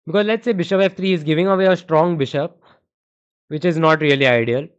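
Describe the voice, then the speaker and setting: On a chess stream, a young man with an Indian accent works through variations out loud and responds to chat in an easygoing way. His delivery is brisk and smooth, pitched somewhat high, though the recording is muffled and dull.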